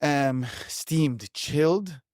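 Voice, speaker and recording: Speaking extremely slowly in a voice on the high side with a darkish tone, a pitmaster and producer rambles enthusiastically through a casual interview. Fillers and restarts abound, and the studio-quality recording has no room sound.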